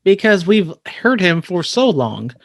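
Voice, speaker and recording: A man from California co-hosting a casual podcast, measured and a little skeptical, pausing to find his words. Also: high-pitched, very animated, no echo, studio quality. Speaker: podcast co-host.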